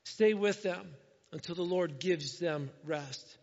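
A man preaches in a high voice, chatting with his listeners and often asking "right?" as he acts out scripture quotes. His voice rings with long reverb in a church hall. The recording sounds dull and lo-fi. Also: slow, gravelly, darkish tone. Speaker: pastor. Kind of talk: sermon with scripture reading.

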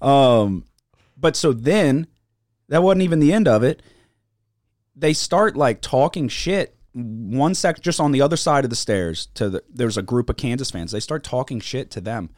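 A man's voice: mid-range voice, lively intonation, a little slow, a little mellow, no echo, studio quality. A man telling a story in casual chat, cursing heavily and mimicking the people he quotes.

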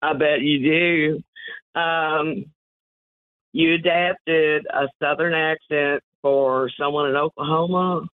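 A woman calling in to a radio show from Louisville, Kentucky, affectionate and gently scolding, calling the host sweetheart. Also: deep voice, steady tone, slow pace, dry recording. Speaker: caller. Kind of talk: phone-in chat. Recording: tinny phone line, dry.

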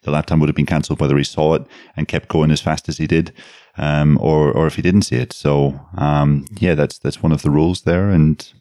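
A man's voice: a bass voice, level tone, a little fast, hardly any pauses, warm tone, no room sound, clean studio sound. A man talking as a racing pundit, matter-of-fact with some fillers. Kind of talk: studio discussion.

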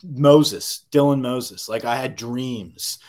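A man co-hosting a casual sports podcast, telling stories in an excited, profane rush. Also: medium pitch, a loud crowd. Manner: excited, profane, rapid storytelling.

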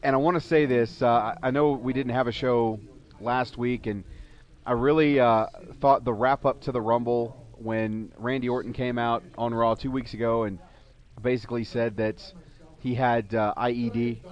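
A man co-hosting a wrestling talk show, talking in halting, stammering bursts. His voice is mid-pitched, and the recording is dull and lo-fi. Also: fairly even intonation. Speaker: wrestling podcast co-host. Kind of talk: casual chat.

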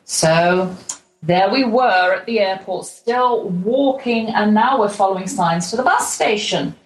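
A woman's voice: mid-range voice, measured pace. Chatty woman, roomy echo. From England. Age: middle-aged. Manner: chatty, lightly humorous storytelling. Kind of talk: travel diary narration. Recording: roomy echo with faint ambient noise.

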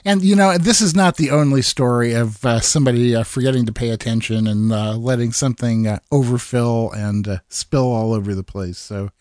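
A man's voice: mid-range voice, brisk, few pauses, a little mellow, no echo, clean studio sound. A man co-hosting a podcast who chats casually with upbeat, chuckling reactions. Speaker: podcast co-host. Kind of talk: casual chat.

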